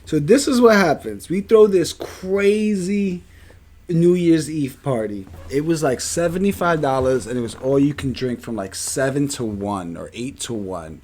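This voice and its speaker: A man, a podcast co-host telling a story in a casual, animated and profane way. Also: mid-range voice.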